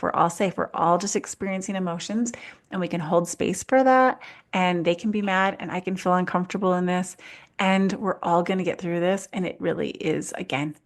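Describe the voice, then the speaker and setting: A woman life coach co-hosting a podcast, giving earnest, reassuring advice in a calm, conversational way. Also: on the low side. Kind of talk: casual podcast chat.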